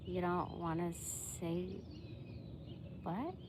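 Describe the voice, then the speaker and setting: A woman's voice: lowish voice, extremely slow, noisy background. A woman vlogger chatting casually to her viewers, swearing freely and breaking into laughter. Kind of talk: casual chat to camera.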